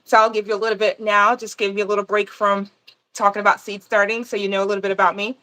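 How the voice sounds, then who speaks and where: Bright, chatty woman from Panama. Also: medium pitch, level tone, fast. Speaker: gardening channel host. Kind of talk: casual livestream chat.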